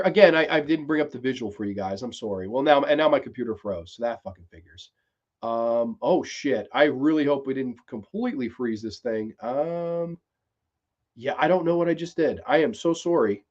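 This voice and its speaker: A man hosting a live-streamed TV review, talking casually, swearing freely and excitedly retelling scenes. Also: on the high side, brisk. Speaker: podcast host reviewing a TV series. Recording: dull lo-fi stream audio.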